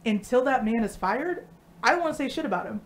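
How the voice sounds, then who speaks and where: A woman co-hosting a live stream, talking casually and bluntly with lots of swearing and animated storytelling. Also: fairly high pitch, fast talker. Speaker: co-host.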